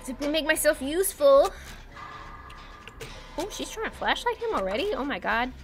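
A woman's voice: sits high, big pitch swings, moderate pace, faint music behind. A young woman streaming a horror game, giggling and easily spooked as she comments on her play.

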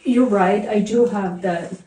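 A woman guest on a podcast shares investing stories with animated energy, acting out the lines she once said. Her voice is mellow and relaxed. She sounds slightly off-mic in a roomy, echoey space. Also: medium pitch, a little slow, distant mic. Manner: animated storytelling, acts out her own quoted lines. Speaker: real estate investor guest. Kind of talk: casual podcast conversation.

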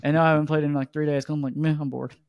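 Male podcast host, fairly high voice, rambling casual delivery, dry close mic. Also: very fast, smooth, dry recording, muffled recording. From Georgia, USA. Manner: rambling, animated storytelling.

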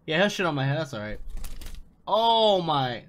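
Excitable, swearing young male gamer. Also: fairly high pitch, moderate pace. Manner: excitable, profane, talks back at the game. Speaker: gaming streamer. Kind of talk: casual live-stream gameplay commentary. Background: game music.

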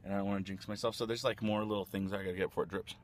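A man vlogging casually at a fast food restaurant, rambling and talking with his mouth full as he tastes a dessert. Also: fairly low pitch, fairly even intonation, a little hiss or hum. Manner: chatty, rambling, eating while talking. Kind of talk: casual food-tasting vlog.

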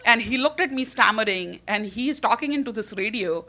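A woman from India with an Indian accent, telling a funny personal story on stage, animated and laughing often mid-sentence. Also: on the high side, moderate pace.

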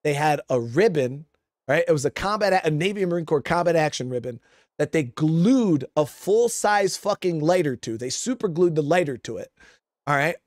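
Ex-marine guy rambling thru a story, swears a lot, kinda high voice, dry sound. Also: animated, normal speed, a little mellow, no echo. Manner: profane, rambling, keeps addressing listeners as guys. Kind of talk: casual spoken storytelling.

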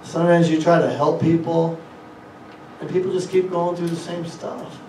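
A man's voice: a little high, level tone, moderate pace, roomy sound, far from the mic, noisy background. A man preaching a sermon as a guest speaker, asking the congregation rhetorical questions and quoting scripture. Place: church hall.

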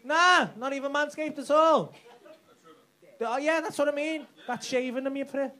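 Speaking at a moderate pace in a very high voice, a stand-up comic trades foul-mouthed, brash banter with his audience. The comedy club recording is live, with heavy background noise and loud laughter from the crowd.

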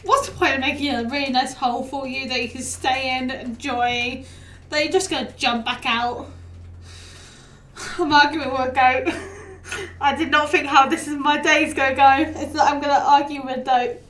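A woman's voice: sits high, fairly even intonation, moderate pace, a bit bright, distant mic. A young woman streaming a game live, chatting casually with her viewers, laughing easily and talking back to the game. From United Kingdom. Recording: echoey room, voice off-mic.

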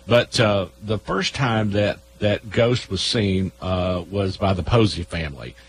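A man who organizes a local folklore event, telling a ghost tale on radio with many halting pauses. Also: fairly low pitch, a little hiss or hum, low-quality recording. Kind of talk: radio storytelling. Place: radio studio.

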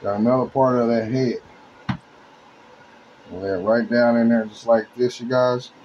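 A man's voice: mid-range voice, steady tone, a little slow, darkish tone, muffled recording, a little hiss or hum. Chatty man showing how he cooks. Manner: chatty, addresses viewers as you guys. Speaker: home cook. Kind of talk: casual cooking demonstration.

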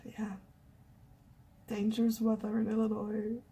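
A young woman talks through a personal vlog in a relaxed, slow, self-mocking way, now and then sinking into a near-whisper. Her voice sits a little high, and it comes through a handheld camera mic with a faint hiss behind it. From United Kingdom. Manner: chatty, self-deprecating, often drops to a hushed whisper. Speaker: vlogger. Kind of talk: casual vlog chat. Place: indoors in a small warm room, then outdoors in snow and wind.

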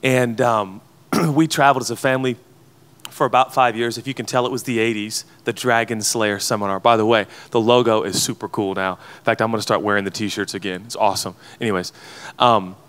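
A man's voice: fairly low pitch, fairly even intonation, brisk, fairly bright tone, clear, resonant tone. A man in his thirties preaching a sermon to pastors, earnest and emotional as he tells a personal story. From United States. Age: 30s. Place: conference hall before an audience of pastors.

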